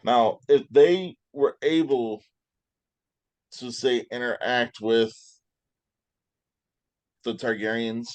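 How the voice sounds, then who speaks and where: A man's voice: mid-range voice, steady tone, slow, long pauses, no echo. A man with a mid-range voice talks casually on a podcast and builds up to each point at his own speed. The sound is dry and close, with no room around it. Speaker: podcast guest. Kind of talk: casual chat.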